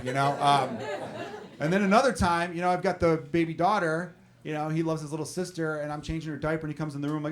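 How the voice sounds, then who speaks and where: Speaking fast in a slightly high voice, a thirty-something man delivers a stand-up set on a comedy club stage, chatting with the audience and swearing as he goes. The handheld mic picks up background noise and the crowd's laughter in this live recording.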